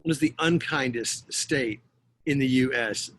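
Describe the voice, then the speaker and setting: A middle-aged man from Texas lecturing over a video call, his voice sitting in a middle pitch. He keeps it chatty and jokey, full of "uh"s. A faint noise runs underneath. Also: a little slow, a bit bright. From Texas, USA. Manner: chatty and jokey, many fillers. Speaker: guest lecturer. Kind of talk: joking online lecture.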